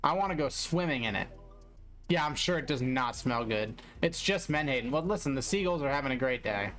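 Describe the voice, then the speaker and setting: A man's voice: mid-range voice, expressive, a little fast, a bit bright. A man casually commenting on fishing news during a live stream, with offhand, wry reactions and mild swearing.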